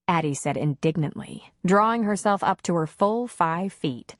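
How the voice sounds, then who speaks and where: Low-voiced woman narrating a romance. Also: expressive, moderate pace, no echo, clean studio sound. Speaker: audiobook narrator. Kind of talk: scripted narration.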